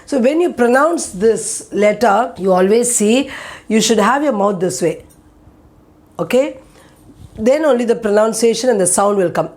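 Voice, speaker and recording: A woman's voice: mid-range voice, animated, measured pace, a little mellow. A woman teaching letter sounds in a recorded lesson, patiently repeating each sound and checking with "okay?". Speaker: Hindi teacher.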